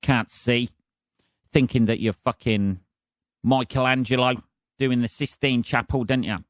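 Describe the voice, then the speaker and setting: A man hosting his own podcast from his flat, ranting casually with lots of swearing and sarcasm. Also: medium pitch, unhurried, no room sound, studio quality. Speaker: podcast host. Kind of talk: casual solo podcast rant. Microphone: decent home podcast setup.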